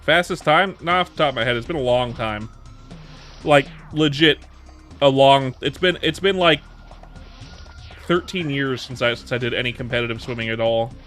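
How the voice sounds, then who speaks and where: A man's voice: mid-range voice, normal speed, a bit bright, faint music behind. A man in his thirties chatting casually on a livestream, answering viewer questions in a rambling way with many restarts and repeated words. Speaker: streamer.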